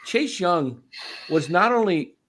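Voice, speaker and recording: A man's voice: high-pitched, very animated, slow, fairly bright tone. A man with an ordinary mid-range voice hosts a casual sports chat on a live stream. He rambles in a stop-start way and often restarts his sentences. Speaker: sports show host.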